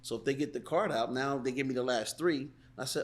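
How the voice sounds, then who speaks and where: Animated man acting out sales calls. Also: mid-range voice, a little fast. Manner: animated, acts out sales calls in different voices. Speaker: sales coach guest. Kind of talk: casual interview chat.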